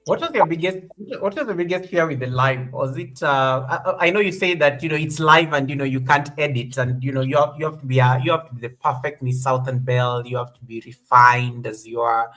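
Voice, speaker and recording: A man's voice: mid-range voice, a little fast, few pauses, pushed and bright, soft background music. A man co-hosting a casual live-stream chat, reading out viewers' names and thanking members. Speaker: co-host.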